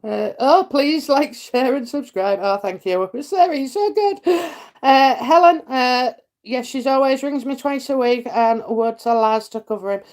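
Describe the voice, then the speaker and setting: A middle-aged woman with a Yorkshire accent, hosting a live psychic stream and chatting warmly with viewers between comments, full of fillers and endearments. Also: high-pitched, a little slow. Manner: chatty, many fillers, laughs, calls people darling and lovely. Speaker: psychic reading host.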